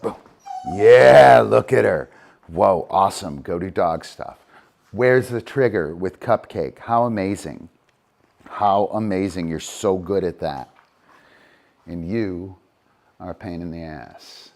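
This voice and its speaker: Unhurried man training dogs on camera. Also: low-pitched, creaky. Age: middle-aged. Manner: coaxes dogs with soft praise, then explains in a steady, unhurried way. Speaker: dog trainer. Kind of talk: live training demonstration.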